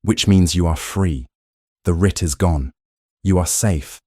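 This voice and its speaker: A man voicing a commanding duke who shouts in fury and pleads desperately. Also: low voice, slow pace, no echo, studio quality. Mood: pleading. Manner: forceful, shouting then pleading. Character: powerful duke, furious, protective, commanding.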